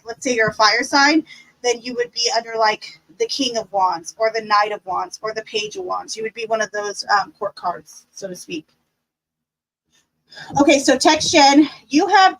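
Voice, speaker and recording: A high-pitched woman leads a relaxed live-stream tarot class. She is cheerful and encouraging, talking in a chatty way with plenty of fillers. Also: poor audio. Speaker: tarot teacher.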